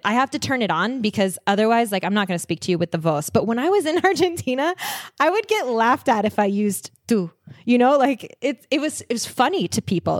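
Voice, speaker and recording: A woman chatting as a guest on a travel talk show, animated and laughing often as she tells stories. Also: medium pitch, no echo, studio quality. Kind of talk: casual conversation.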